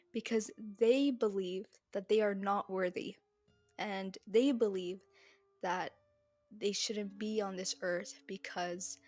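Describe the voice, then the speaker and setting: Slow, heated young woman podcaster. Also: medium pitch, darkish tone, dry recording. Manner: heated, blunt, swears freely. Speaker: podcast host. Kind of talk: solo podcast monologue.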